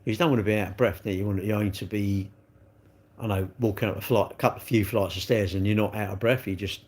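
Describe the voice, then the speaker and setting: A man's voice: on the low side, fairly even intonation, fast talker, a little mellow. A middle-aged man, chatting on a live stream and ranting with rhetorical questions. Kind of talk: casual live-stream chat.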